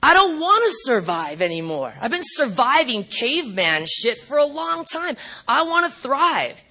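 A middle-aged woman speaking at a recovery meeting, telling her story bluntly and profanely with animated asides. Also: high-pitched, measured pace.

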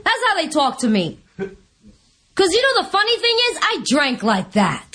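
At a recovery meeting, a woman with a high voice and normal speaking speed tells a humorous testimony. She performs the voices of those she quotes with lively animation, laughing a lot along the way.

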